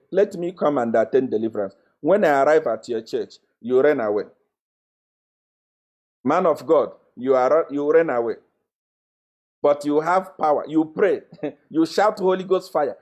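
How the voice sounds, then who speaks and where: A young man speaks in a slightly high voice in a confrontational live-stream monologue. He keeps repeating his phrases as he accuses and mocks. His scornful laugh breaks in often. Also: darkish tone. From Zambia. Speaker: self-styled prophet.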